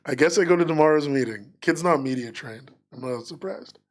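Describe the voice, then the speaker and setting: A man's voice: on the high side, fairly quick. A man co-hosting a livestreamed podcast in casual chat, rambling with lots of fillers and restarts. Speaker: podcast co-host.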